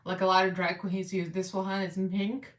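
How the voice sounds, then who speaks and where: A Russian American woman hosts a laid-back makeup livestream in a mid-range voice with flat delivery at normal speed. Chatty and rambling, she laughs often while working, her voice echoing in the room and sitting a little far from the mic.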